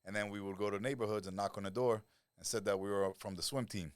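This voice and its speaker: A middle-aged lifestyle coach, appearing as a guest on a casual podcast, tells animated stories, swears freely and acts out the people he quotes. His voice is fairly low and smooth, he talks fast, and the recording is dry.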